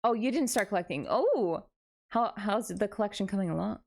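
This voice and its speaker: A woman's voice: medium pitch, expressive, a little fast, creaky, darkish tone. A young woman streaming live, chatting playfully with her viewers, tired and giddy late at night and poking fun at herself. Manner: playful, self-mocking, reads chat aloud and answers it. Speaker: VTuber streamer.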